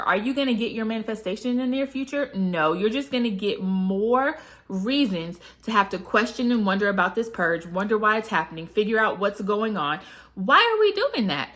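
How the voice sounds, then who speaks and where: A woman's voice: mid-range voice, fairly bright tone. A woman talking casually to camera as a manifestation coach. She asks many rhetorical questions and fills her talk with "like" and "you know".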